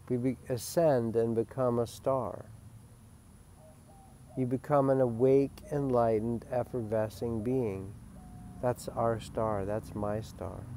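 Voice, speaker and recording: A man's voice: medium pitch, a little hiss or hum. Emphatic rambling man giving spiritual talk. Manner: emphatic and rambling, swings from loud to hushed. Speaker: spiritual teacher. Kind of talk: spiritual webcast monologue.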